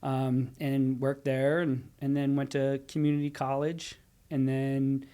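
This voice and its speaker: A man who teaches high school social studies, telling his life story in a casual podcast conversation and acting out his students' voices. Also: monotone, unhurried, dark tone, clear, resonant tone. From Pennsylvania.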